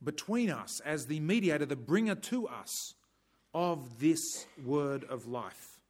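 A man preaching a sermon in a measured, emphatic way, breaking off now and then for dry humorous asides. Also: on the high side, animated.

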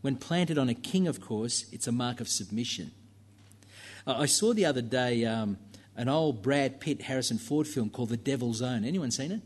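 A man's voice: medium pitch, expressive, moderate pace, a little mellow. A man preaching a sermon in a church, talking conversationally with fillers and asides to the congregation.

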